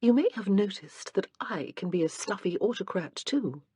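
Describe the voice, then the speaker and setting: A woman's voice: medium pitch, expressive, moderate pace, warm tone, husky, no room sound, clean studio sound, voice pushed up. A woman voicing a playful, teasing young wife in an audiobook. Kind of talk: audiobook character reading.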